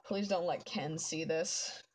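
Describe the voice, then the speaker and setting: A young woman talks casually as she draws on a live stream. Her voice sits a little low, and she rambles with plenty of "like" fillers. A faint hiss runs under the recording. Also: steady tone, slow pace, poor audio. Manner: chatty, rambling, many "like" fillers. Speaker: artist streaming her drawing. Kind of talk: casual chat while drawing.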